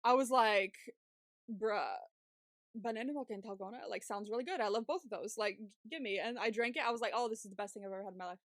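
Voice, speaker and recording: Speaking very fast with hardly any pauses, this young female podcast co-host has a higher-pitched voice captured in studio quality with no room sound. Her long story comes out chatty and laughing, packed with curse words and filler words.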